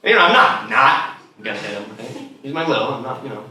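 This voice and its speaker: A man's voice: medium pitch, big pitch swings, fast talker, sharp tone. A young man telling a rambling stand-up story, full of fillers, to a laughing crowd. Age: young adult. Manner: rambling, filler-heavy delivery. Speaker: stand-up comedian. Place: large echoey room, heard from far off. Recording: echoey room, distant mic, noisy. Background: audience laughter.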